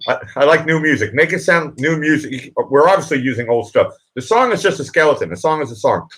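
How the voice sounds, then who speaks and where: A man's voice: a little high, expressive, fairly quick, a bit bright, low-quality recording. Blunt, insistent man hosting a livestream. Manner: blunt, insistent, repeats himself. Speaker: livestream host. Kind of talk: casual live chat.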